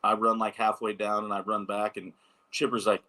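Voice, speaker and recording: A man in his thirties, a former ballplayer, telling lively anecdotes in a casual interview, with lots of filler words. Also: lowish voice, normal speed. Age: 30s. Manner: animated anecdotes, many fillers. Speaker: former pro baseball pitcher, guest.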